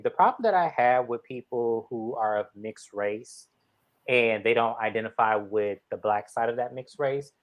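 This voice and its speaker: A man's voice: mid-range voice, low-quality recording. A man from the Bay Area, a regular guest on a casual recap show, speaking articulately and repeating phrases for emphasis. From San Francisco Bay Area.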